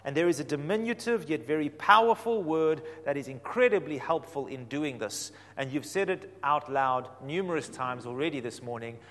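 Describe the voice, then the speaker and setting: A man preaching a sermon, animated, swinging from quiet explanation to loud emphatic points. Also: fairly high pitch, normal speed, hardly any pauses. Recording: reverberant hall.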